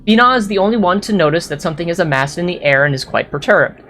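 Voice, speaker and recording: A woman's voice: on the low side, animated, quick pace, a bit bright. A woman narrating a tabletop role-playing game as game master, describing scenes in detail with brief apologetic asides.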